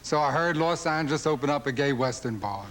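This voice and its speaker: A male stand-up comedian, firing off observational jokes on a late-night talk show and mimicking fans in silly voices. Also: heavy background noise. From Philadelphia. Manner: rapid-fire observational jokes, mimics fans and dog owners in high voices. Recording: old television broadcast with loud audience laughter. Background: studio audience laughing.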